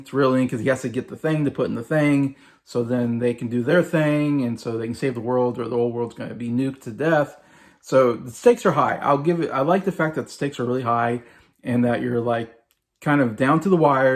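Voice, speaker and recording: A man in his forties giving a casual, rambling movie review, full of fillers and repetition. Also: medium pitch. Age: 40s. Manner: rambling, filler-heavy, repeats himself.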